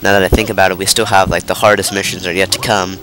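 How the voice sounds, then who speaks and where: This young man sounds stuffy and nasal from a cold as he rambles through casual let's play commentary, interrupting himself and filling gaps with lots of fillers. His voice is low and level in tone, fast, and a bit bright, with game music playing behind him.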